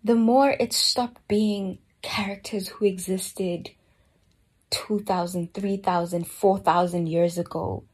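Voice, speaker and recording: A woman giving a slow, earnest personal reflection on a Bible book, often dropping to a soft near-whisper. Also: mid-range voice, steady tone, slightly rough. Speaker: Bible study speaker.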